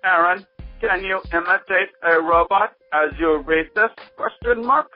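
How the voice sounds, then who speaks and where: A man voicing a robot android as he reads out a listener's letter in a slow, mechanical way. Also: high voice, voice pushed up. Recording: dull lo-fi sound with faint music.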